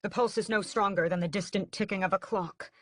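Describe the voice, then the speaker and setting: A woman narrating a dramatic first-person audiobook in a steady storytelling manner. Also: medium pitch, a little fast, no echo, clean studio sound.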